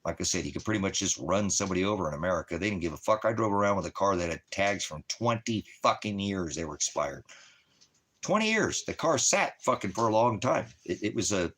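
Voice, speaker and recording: A man's voice: low voice, lively intonation, fairly quick. A man telling stories to his followers in a casual, coarse way, swearing constantly and acting out his own angry outbursts. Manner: coarse, swears constantly, mimics shouting at others. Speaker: ministry preacher. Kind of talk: casual profane storytelling to followers.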